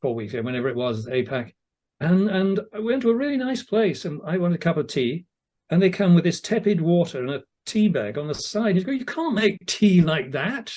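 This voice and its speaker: Older man, British accent, chatty, anecdotal, self-deprecating, a touch high-pitched. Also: expressive, a little fast, warm tone. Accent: British English. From England. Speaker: audiobook narrator guest. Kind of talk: casual interview chat.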